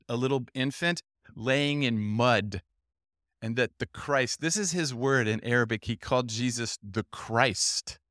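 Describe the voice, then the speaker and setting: A man's voice: mid-range voice, bright, forceful tone. A middle-aged man speaks at a youth Bible camp in a storytelling sermon. He acts out each person in his story with changing voices. His mid-range voice sounds close and dry, with no room echo.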